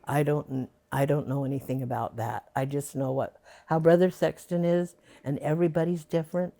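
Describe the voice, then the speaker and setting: A woman's voice: deep voice, steady tone, moderate pace, creaky, warm tone. An older woman being interviewed for an oral history, reminiscing in a rambling way with many fillers.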